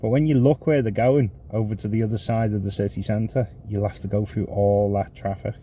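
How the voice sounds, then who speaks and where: A man's voice: lowish voice, a little fast. A man from the UK, a rideshare driver telling stories from his shifts in a casual, chatty vlog. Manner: chatty, animated storytelling with colloquial slang. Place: inside a car. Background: vehicle noise.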